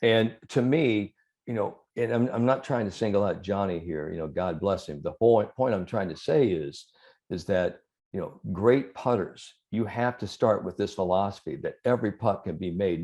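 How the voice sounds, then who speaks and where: A man, a sports psychologist, talking as an interview guest and telling anecdotes in a lively, chuckling way. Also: on the low side, moderate pace, highs cut off. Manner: animated storyteller, chuckles through anecdotes. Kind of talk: conversational interview storytelling.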